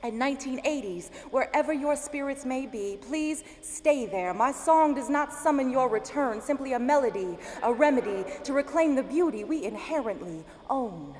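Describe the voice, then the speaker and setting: A woman's voice: high voice, normal speed, hardly any pauses, a little hiss or hum. Slam poet woman in an echoey hall. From Denver, Colorado. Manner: expressive, emphatic spoken-word delivery. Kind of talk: slam poetry reading with stage banter. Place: university event hall. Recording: echoey hall with faint ambience.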